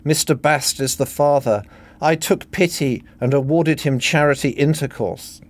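A man's voice: on the high side, measured pace, pitched above the performer's own voice. A man voicing an emotional, impulsive young woman with a tearful, dramatic manner. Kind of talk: satirical reading.

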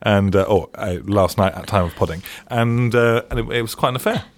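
A man's voice: lowish voice, brisk. A man hosting a casual panel podcast, talking with many hesitant restarts. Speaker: podcast host.

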